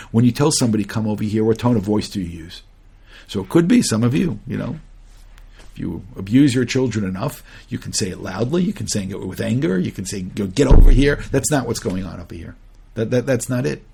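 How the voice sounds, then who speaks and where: A man's voice: medium pitch, gravelly, a little mellow, slightly rough. A man, a rabbi, giving a conversational Torah lecture. He earnestly questions his listeners, restarts phrases, and chants Hebrew verses between his English explanations. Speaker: rabbi teaching a Torah class.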